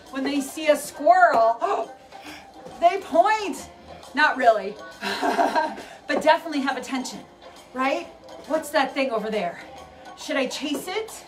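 A young adult woman leading an animal-themed workout class, chatty and encouraging, breaking into playful animal noises. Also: high-pitched. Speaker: fitness instructor. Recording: voice from a distance with faint music. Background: faint workout music.

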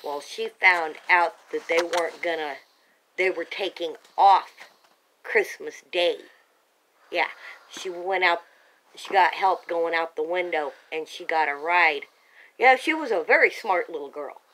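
A woman's voice: fairly low pitch, unhurried, fairly bright tone, low-quality recording. Agitated woman rambling to a home camera. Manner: agitated, insistent, full of restarts. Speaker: parent telling her own account. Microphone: home camera held by a family member.

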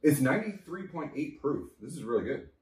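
A man's voice: medium pitch, big pitch swings, fairly quick, a little mellow. Dry joking guy cohosting a drinking podcast, roomy echo, mic far off. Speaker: podcast co-host. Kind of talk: casual drinking chat.

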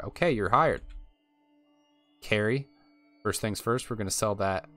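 A man's voice: fairly low pitch, animated, a little slow, long pauses, fairly bright tone, no echo, faint music behind. A young man giving casual, chatty gameplay commentary and thinking aloud as he plays. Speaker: let's play host.

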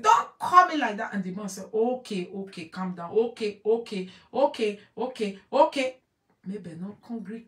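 A woman's voice: mid-range voice, darkish tone, far from the mic. Emphatic Nigerian woman in an echoey room. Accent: Nigerian Pidgin English. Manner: emphatic, repeats phrases, switches between pidgin and English. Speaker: online show host commenting on a video. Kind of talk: animated commentary to an audience. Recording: echoey room, voice away from mic.

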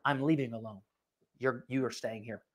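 Soft, low-voiced calm man quietly foretelling, as a preacher puts him on in a sermon. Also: moderate pace, lightly acted. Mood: calm, knowing. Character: calm grown man foretelling his departure. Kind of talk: sermon retelling with quoted speech.

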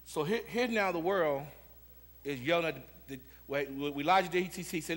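A middle-aged male pastor preaching a Sunday sermon in a church, repeating words and moving from low musing to shouted preaching. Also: quick pace, gravelly, breathy edge. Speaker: senior pastor. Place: church sanctuary.

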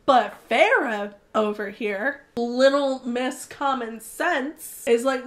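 A young woman chats about a book she is reading and acts out her own frustration with the characters. Her voice is high, and she talks in a lively, exasperated way. Her delivery is casual and dramatic, like a review for her viewers. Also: slow. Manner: animated, exasperated, dramatic retelling. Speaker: book vlogger.

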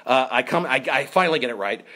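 A man's voice: medium pitch, fast talker. A man hosting a comedy show, telling a story and acting out the voices of the people in it. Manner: animated, acts out voices in his stories. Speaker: comedian host. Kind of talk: comic storytelling chat.

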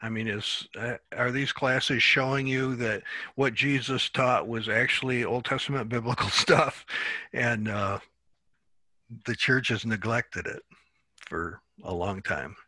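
A man teaching a Bible class in a relaxed, halting way, often repeating words as he thinks. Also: medium pitch, no room sound.

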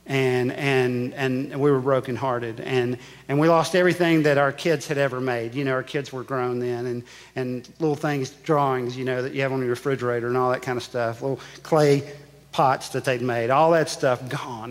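Emphatic pastor in a reverberant sanctuary. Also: male voice, mid-range voice, steady tone, moderate pace. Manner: personal storytelling, emphatic repetition. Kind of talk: sermon. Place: church sanctuary. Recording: church sanctuary with long reverb.

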